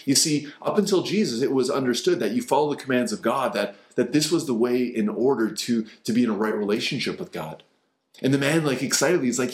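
A man's voice: mid-range voice, fairly quick. A male pastor preaching a sermon in an earnest way, often repeating words as he builds a point. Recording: roomy echo.

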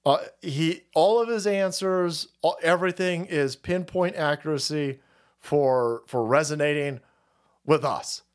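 A man's voice: on the high side, a little slow, clear, resonant tone. A man hosting a livestream, ranting about politics in a heated, profane, repetitive way. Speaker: livestream host.

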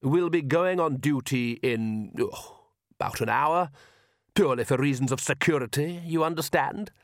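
A man's voice: medium pitch, normal speed, no echo, studio quality, voice pushed up, lightly acted. A man doing a leering brute of a corporal. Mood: sly menace. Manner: sly, threatening. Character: leering brutish male soldier corporal.

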